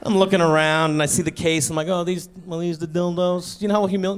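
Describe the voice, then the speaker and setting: A man's voice: high-pitched, level tone, fast, hardly any pauses, some chatter behind, slight background noise. A man performing a stand-up comedy set, telling a story in an awkward, sheepish way with bursts of exasperation. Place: comedy stage before a live audience.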